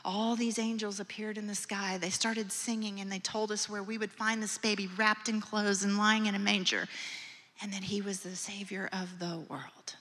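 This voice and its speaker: A woman putting on the voice of excited shepherds, speaking in a breathless whisper. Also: mid-range voice, moderate pace, natural voice. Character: excited male shepherds bursting in. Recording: long hall reverb.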